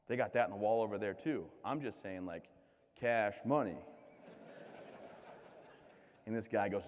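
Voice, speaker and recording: A man's voice: lowish voice, a little fast. A man from the United States telling self-deprecating, joking stories as a keynote speaker at a large event. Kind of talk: comedic motivational keynote. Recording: reverberant hall from a PA.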